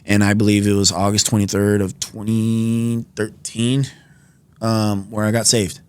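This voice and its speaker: Animated young man telling his story. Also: on the low side, unhurried, smooth. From New York. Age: 20s. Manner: animated storyteller, acts out quoted dialogue, many fillers. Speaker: podcast guest. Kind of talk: personal testimony in casual conversation. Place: podcast studio.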